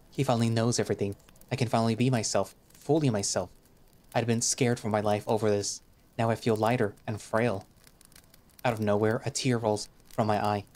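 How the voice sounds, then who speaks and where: A man's voice: on the low side, steady tone, brisk, darkish tone. A man giving first-person, reflective narration of a visual novel.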